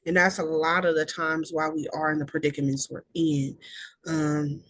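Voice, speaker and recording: A woman's voice: deep voice, level tone, moderate pace, fairly bright tone, no echo. A young woman with hosting a self-care podcast, speaking in an affirming, repetitive way with playful asides. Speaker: podcast host. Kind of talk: reflective self-care talk.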